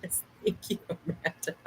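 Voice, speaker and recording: An online show host streams casually from a room at home through her laptop mic, playful, laughing frequently and swearing freely. She speaks unhurriedly, and the recording is low quality.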